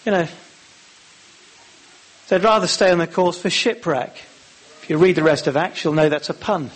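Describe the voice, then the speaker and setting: A man preaching a sermon, acting out the lines of the Bible characters with lively emphasis. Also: fairly high pitch, moderate pace.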